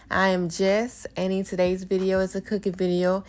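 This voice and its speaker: A woman's voice: medium pitch, little pitch movement, moderate pace, darkish tone. A woman narrating her home cooking for viewers in a chatty, casual way, calling them y'all. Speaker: cooking vlogger.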